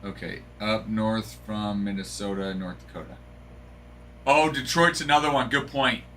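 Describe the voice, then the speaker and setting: A man's voice: on the low side, moderate pace, bright, forceful tone, slight background noise. A man hosting a live card break stream, joking and bantering casually with viewers.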